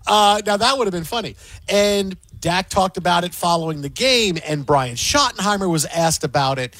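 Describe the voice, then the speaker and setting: A man's voice: sits high, expressive, moderate pace, fairly bright tone. A man hosting sports talk radio, ranting emphatically and mocking what others say.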